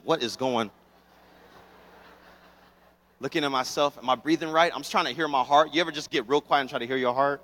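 A young man preaching a sermon as pastor, telling stories with lively, acted-out scenes. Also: medium pitch, normal speed, long pauses. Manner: animated storytelling, acts out scenes. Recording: long hall reverb.

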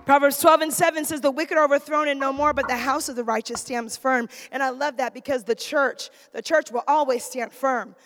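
A middle-aged woman preaching a sermon, swinging from shouted exhortation to quiet, chatty storytelling. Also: sits high, fairly even intonation, fairly quick, hardly any pauses. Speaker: preacher, pastor's wife. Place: church sanctuary. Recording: long reverb of a church hall.

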